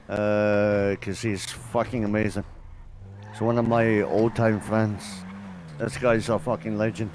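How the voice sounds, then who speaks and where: A man's voice: on the low side, little pitch movement, a little slow, a little mellow, a little hiss or hum. A man streaming a roleplay game, talking casually, laughing and swearing often.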